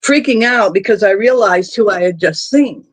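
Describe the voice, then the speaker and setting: Live stream host, male, high voice, dry close sound, rambling anecdotal talker. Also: animated, moderate pace, no echo. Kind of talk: casual chat on a live stream.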